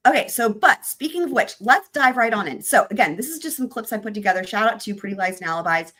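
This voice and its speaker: A woman's voice: mid-range voice, expressive, fast talker, fairly bright tone. A woman hosting a true crime live stream, chatting loosely with her viewers in a rambling, casual way.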